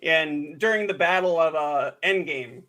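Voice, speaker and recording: A man co-hosting a podcast in casual chat, an animated storyteller who acts out quotes with gusto. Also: fairly high pitch, a little slow. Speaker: podcast co-host.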